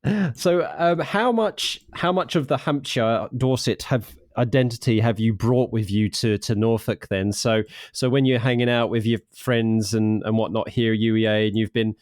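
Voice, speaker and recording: A man from the UK hosting a casual podcast interview, talking with animated enthusiasm and frequent restarts. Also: medium pitch, normal speed, no room sound, studio quality. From United Kingdom. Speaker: podcast host.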